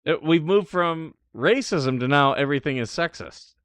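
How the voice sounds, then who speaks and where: A man's voice: fairly high pitch, lively intonation, normal speed, fairly bright tone, clear, resonant tone, no echo, studio quality. A man hosting a live talk show, reacting to clips with scoffing, sarcastic remarks. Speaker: show host. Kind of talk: casual live commentary.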